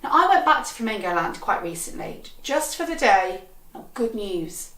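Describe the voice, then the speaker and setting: A woman comedian with a wry, deadpan delivery, telling a funny personal story. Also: medium pitch, moderate pace. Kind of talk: comic storytelling performance. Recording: echoey, from a distant mic.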